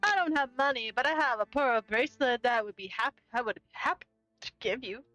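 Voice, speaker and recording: A woman putting on a high, sweet pleading orphan girl. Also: brisk, sharp tone, dry recording, soft background music, rough recording. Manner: sugary, polite and begging.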